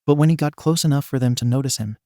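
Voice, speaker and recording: Mellow-voiced man narrating a story. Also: medium pitch, fast, no room sound, studio quality. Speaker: narrator of fan fiction.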